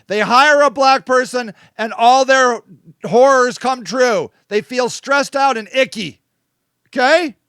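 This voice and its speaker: A man's voice: very high voice, slow pace, fairly bright tone, smooth, dry recording, studio quality. A man hosting a casual live-stream monologue, blunt and swearing, often asking "okay?". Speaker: host.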